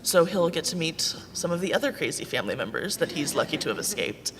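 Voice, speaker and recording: Low, gravelly woman telling her story. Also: very animated, fast talker, crowd noise. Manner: candid, wry and self-deprecating. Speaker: birth mother panelist. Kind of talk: personal story at a panel discussion. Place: conference hall. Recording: echoey hall with faint noise.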